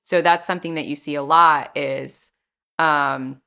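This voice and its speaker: A young adult woman speaks as a guest in a relaxed interview, telling her stories in a chatty, animated way. Her voice sits low, and she slips into other people's words as she recounts things. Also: a little slow, clean tone. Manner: chatty, animated storytelling with acted-out quotes. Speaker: actress guest. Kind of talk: casual interview chat.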